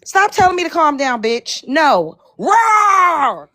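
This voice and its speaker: A woman's voice: high-pitched, sing-song, moderate pace, fairly bright tone. A woman on a livestream panel, talking in a combative, profane, emphatic way. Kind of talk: heated livestream panel talk.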